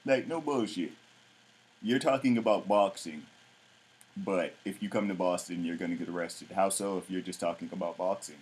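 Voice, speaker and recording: Low-voiced man ranting bluntly. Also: moderate pace, darkish tone, husky, rough recording. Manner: blunt, profane, mocking. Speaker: vlog host. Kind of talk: casual ranting commentary.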